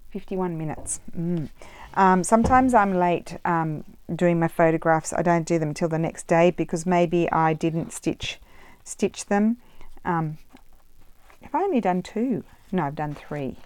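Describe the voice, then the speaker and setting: Here a woman crafts with paper on her vlog, chatting in a rambling way, thinking aloud, and going off on tangents. She sounds animated yet measured in pace, with a low, smooth, darkish voice and no room sound.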